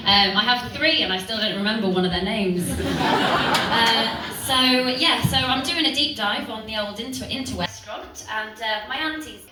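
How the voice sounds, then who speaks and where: A woman delivers a deadpan stand-up set, filling pauses with ums and ahs. Her voice sits slightly high. She is heard from a distance in a noisy room with lots of echo. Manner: deadpan, rambling with many ums. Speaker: stand-up comedian. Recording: echoey room, far mic, noisy.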